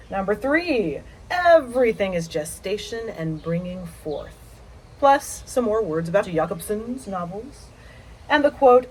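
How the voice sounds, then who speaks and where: A woman's voice: medium pitch, a little mellow. A woman hosting a casual poetry vlog at home, reading her own poem and summarizing letters with a playful, dramatic delivery. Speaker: poetry channel host. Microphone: home setup mic.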